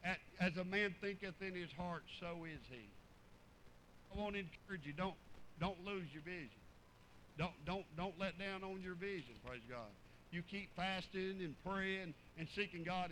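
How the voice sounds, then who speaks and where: A middle-aged man preaching informally, telling animated personal stories, acting out dialogue and repeating words as he goes. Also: high voice, slight background noise, rough recording.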